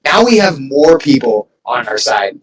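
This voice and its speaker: A man's voice: medium pitch, very animated, unhurried, distant mic, poor audio. A man in a casual political chat with a friend, rambling with lots of "like" and swearing casually.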